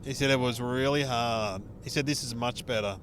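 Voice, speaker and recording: A man's voice: mid-range voice, moderate pace, a bit bright, slight background noise. A man with an Australian accent chatting as a podcast co-host, laughing often and calling his friend "mate", recorded in a moving car. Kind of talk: casual chat.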